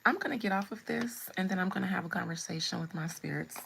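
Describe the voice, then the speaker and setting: A woman tells a personal story on a live stream. She is blunt and wry, and her voice has a gravelly, creaky edge. Faint noise hums under the recording. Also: fairly low pitch, quick pace, fairly bright tone, rough recording. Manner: blunt, humorous storytelling with asides. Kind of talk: casual storytelling.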